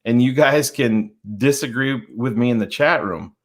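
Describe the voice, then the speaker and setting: A man's voice: medium pitch, normal speed. A man co-hosting a sports podcast in casual talk, blunt and swearing freely, often acting out what other people said. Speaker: podcast co-host.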